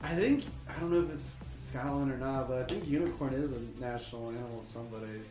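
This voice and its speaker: A man's voice: mid-range voice, fast talker. A man co-hosting an online trivia livestream, joking around and rambling with lots of "like". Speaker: trivia co-host. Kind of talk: casual trivia livestream chat. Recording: roomy echo with faint music.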